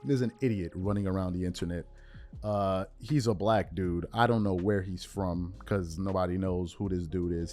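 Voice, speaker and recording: A man's voice: sits low, mellow. Bronx male host, heated rant, repeats himself for punch, faint music under. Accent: New York (Bronx). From United States. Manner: emphatic, repetitive, rising to indignant outbursts. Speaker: show host. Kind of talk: heated commentary monologue.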